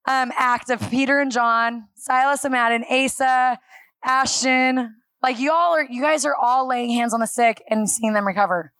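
A woman preaching a sermon to a church congregation, telling stories with animated acted-out dialogue. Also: a little high, normal speed, no room sound. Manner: animated storytelling, acting out dialogue and laughing.

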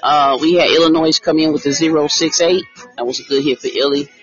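A man's voice: a little high, fairly even intonation, a little fast, fairly bright tone. Man, casual live-stream host, chatty, reads out numbers, dull lo-fi sound, faint music behind. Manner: chatty, greets viewers by name, reads out numbers. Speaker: livestream host giving lottery picks.

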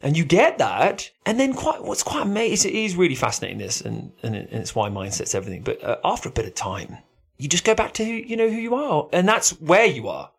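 An animated man in casual podcast chat, his pitch swinging widely as he talks. He often leaps into a high, excited voice, then drops back to an even, thoughtful tone. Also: fairly quick, gravelly, slightly rough. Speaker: podcast co-host.

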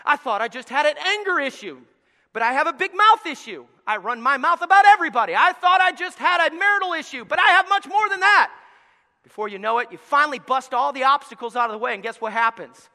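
A man preaching a sermon as pastor, telling the story with acted-out voices, going from quiet asides to loud shouts. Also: extremely high pitch, big pitch swings, fast. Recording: long hall reverb.

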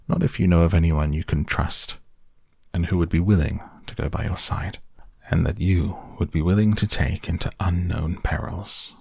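A man voicing a stern, wise old wizard, speaking gravely and measuredly in an audiobook. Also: low-pitched, darkish tone, no echo, studio quality, heavily acted. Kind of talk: audiobook character voice.

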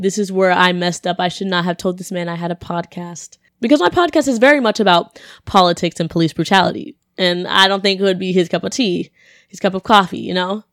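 A young adult woman hosting her podcast, telling a story casually and lively, acting out the people she quotes and laughing often. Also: mid-range voice, a little fast, no echo, studio quality. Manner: animated, acts out quoted voices, laughs often. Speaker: podcast host.

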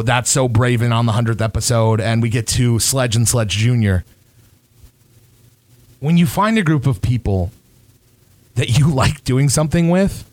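A man hosting a podcast, talking casually and warmly about his group, rambling a little and swearing now and then. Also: mid-range voice. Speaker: podcast host.

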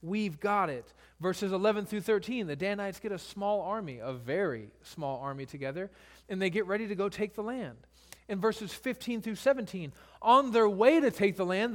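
A man's voice: high voice, lively intonation, moderate pace, fairly bright tone. A male pastor preaching a sermon, retelling scripture in casual everyday speech.

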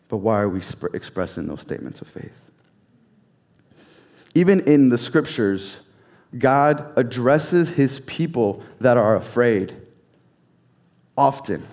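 A man preaching a sermon in an earnest, measured way, repeating key phrases and sometimes dropping to a near whisper. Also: medium pitch, darkish tone. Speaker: pastor.

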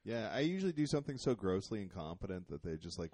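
Mellow, laid-back comedian guy. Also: low voice, big pitch swings, fast, no echo. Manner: laid-back, self-deprecating, laughs often. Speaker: podcast co-host, comedian. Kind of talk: casual comedic chat.

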